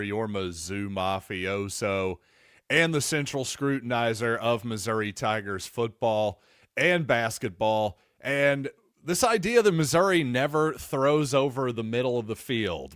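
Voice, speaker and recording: A man's voice: medium pitch, animated, measured pace, a bit bright, smooth, dry recording, studio quality. A man hosting a sports podcast, talking casually in a wry, digressive, self-deprecating way. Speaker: podcast host.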